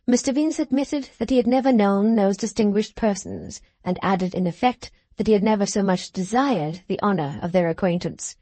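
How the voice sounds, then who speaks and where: A woman narrating a classic novel in a measured, even storytelling voice, recorded at a close mic. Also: medium pitch, dry recording. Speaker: audiobook narrator.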